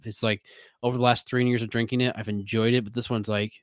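A man's voice: medium pitch, level tone, fast, no room sound. A man with a Midwestern American accent, a whiskey brand ambassador talking loosely in an interview, full of fillers and restarts. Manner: rambling, many fillers and restarts. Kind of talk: casual interview talk.

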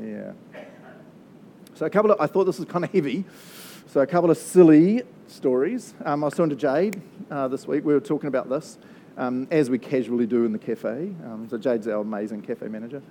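A man's voice: medium pitch, a little fast, warm tone, slight background noise. A man with a New Zealand accent preaching a casual, conversational sermon, chatty and joking, often laughing at his own asides. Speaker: pastor.

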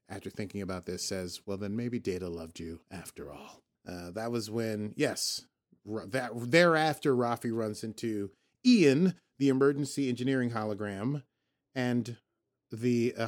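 A man's voice: mid-range voice, moderate pace. A man hosting a podcast, casually recapping a TV episode in a rambling, joking way, often correcting himself. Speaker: podcast host.

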